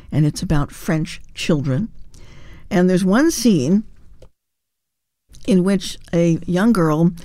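A woman's voice: lowish voice, dry recording, studio quality. A woman hosting a morning classical music radio show, telling a chatty anecdote with light humor. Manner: warm conversational storytelling with light humor. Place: radio studio. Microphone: studio microphone.

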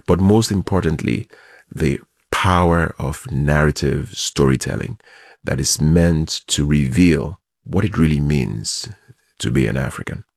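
A man, a project founder giving measured, expansive interview answers. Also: extremely low pitch, vocal fry, darkish tone, no room sound, clean studio sound.

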